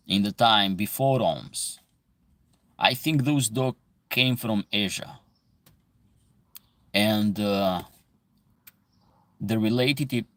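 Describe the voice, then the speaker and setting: Gravelly low-voiced man. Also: dry recording. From Epirus. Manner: explains at length, reading and answering chat comments. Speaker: livestream host answering viewer questions. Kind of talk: casual livestream talk.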